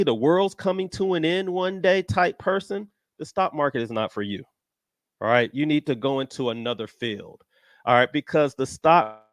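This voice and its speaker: An American man hosting a casual stock market chat show, talking emphatically, repeating himself and jumping into high-pitched outbursts. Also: no room sound, clean studio sound. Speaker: stock trading show host. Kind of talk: casual live-stream talk.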